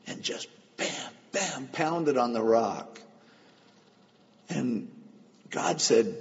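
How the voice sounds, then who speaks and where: A man's voice: medium pitch, animated, very slow. A man preaching a sermon in an earnest, emphatic, storytelling manner, recorded in a church hall with a dull sound. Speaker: pastor. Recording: dull lo-fi with long hall reverb.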